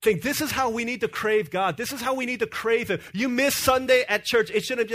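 A young man preaching a sermon, telling stories in an animated way and often repeating words as he starts a sentence. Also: very high voice, brisk.

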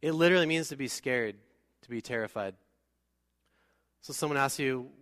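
Man, pastor, smooth resonant voice, casual preaching with jokes, long church-hall reverb. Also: medium pitch, fairly bright tone. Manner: conversational, joking asides, reads scripture slowly. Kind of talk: sermon.

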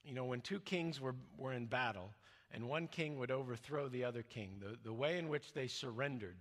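Man preaching in a reverberant hall. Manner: conversational, with many fillers and restarts; drops soft and low when quoting scripture. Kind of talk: sermon teaching.

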